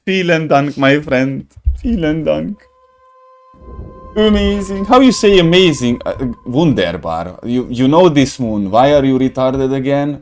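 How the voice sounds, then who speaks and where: A man's voice: medium pitch, lively intonation, a little slow, darkish tone, faint music behind. Laughing man rambling over a game. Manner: laughs often, rambling and joking, searches for words. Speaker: gaming streamer. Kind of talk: casual gameplay commentary.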